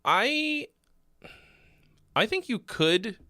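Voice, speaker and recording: Male host, blunt casual critique, bright clear tone, slow delivery, throat keeps catching. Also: high voice, sing-song, no room sound, clean studio sound. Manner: blunt, frequent fillers and throat clearing, swears. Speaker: host giving song feedback.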